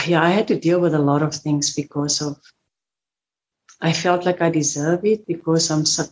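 A middle-aged woman giving a halting, emotional personal account as an interview guest. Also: deep voice, steady tone, low-quality recording. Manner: halting, repeats words, spoken fillers. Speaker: survivor guest.

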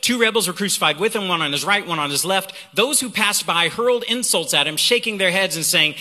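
A man preaching a sermon as a guest preacher, animated and reading scripture aloud with emphasis. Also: high-pitched, brisk. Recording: hall reverb.

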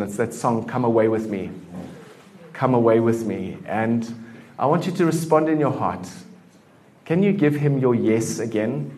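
A man preaching a sermon in a church in a relaxed, conversational way, full of fillers. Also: medium pitch. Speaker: pastor.

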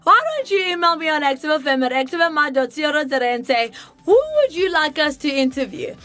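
A woman talks in a high, bright register, hosting a Christian radio show. She talks in animated bursts and keeps asking herself questions and answering them. Her energy stays upbeat throughout. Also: quick pace. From South Africa. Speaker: radio host.

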